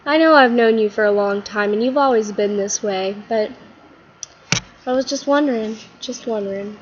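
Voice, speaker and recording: A woman's voice: a little high, moderate pace, muffled recording, background noise, lightly acted. A woman voicing a curious male bartender who insists on getting answers. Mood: prying.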